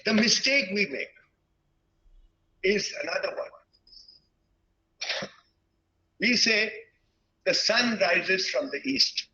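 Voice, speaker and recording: A man in his sixties from India, giving an earnest, reflective lecture to teachers and pausing often mid-sentence. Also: high-pitched, lively intonation, sharp tone, lo-fi sound. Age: 60s. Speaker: guest speaker at a teachers' webinar. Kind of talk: lecture-style talk.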